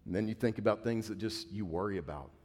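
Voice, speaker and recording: A male pastor preaching a conversational sermon, dropping to a hushed voice when quoting. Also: on the low side, quick pace. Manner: conversational preaching, drops to a hushed voice for quoted words. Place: church sanctuary. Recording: reverberant church hall.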